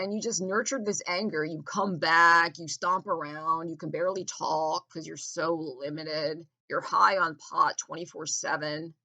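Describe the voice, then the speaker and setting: A woman talks straight into the camera in a long, rambling rant. Her tone is bright and sharp, and her voice sits low. She sounds contemptuous, circles back to the same points and leaves sentences unfinished. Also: steady tone, unhurried, hardly any pauses. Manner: contemptuous, rambling, repeats herself. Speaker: vlogger. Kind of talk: ranting monologue.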